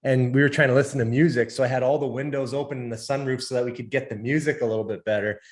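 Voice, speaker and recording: A man's voice: medium pitch, fast talker. Easygoing male podcast host. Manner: relaxed, teasing, rambling asides. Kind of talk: casual chat.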